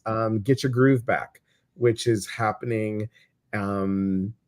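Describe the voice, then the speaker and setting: A man with a Midwestern American accent hosting a casual livestream chat, talking in an animated way with many fillers and restarts. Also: fairly low pitch, slow. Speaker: host.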